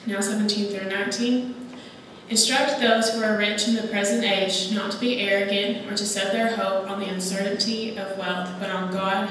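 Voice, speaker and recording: A woman reads scripture aloud at a church service in a measured, steady way. Her voice stays very level in pitch. It rings out in a large, reverberant church and is picked up from afar. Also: recorded from a distance, slight background noise. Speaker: scripture reader. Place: church sanctuary. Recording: echoey church hall from afar.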